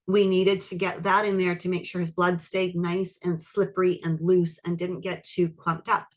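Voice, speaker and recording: A woman teaching a live online class, walking through a client case and checking in with her audience. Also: medium pitch. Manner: animated, asks the audience questions. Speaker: iridology educator. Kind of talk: webinar teaching with case story.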